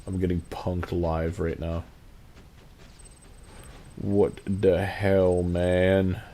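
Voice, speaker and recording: Low, mellow-voiced male game streamer. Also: flat delivery. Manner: rambling, reads and answers chat aloud, quick chuckles. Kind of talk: casual live-stream chat.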